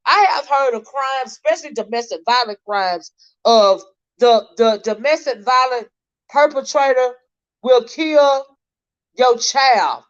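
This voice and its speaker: A woman hosting a casual livestream commentary, talking straight to her viewers. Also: on the high side. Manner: chatty, talks straight to viewers, halting restarts while reading posts aloud. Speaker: livestream host. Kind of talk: casual commentary on a crime case. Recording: slightly dull lo-fi stream audio.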